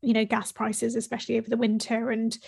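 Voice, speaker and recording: Out-of-breath woman co-host, higher voice with vocal fry, eager and agreeable. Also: monotone, darkish tone. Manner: enthusiastic, quick to agree and build on points. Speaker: podcast co-host. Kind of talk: casual discussion.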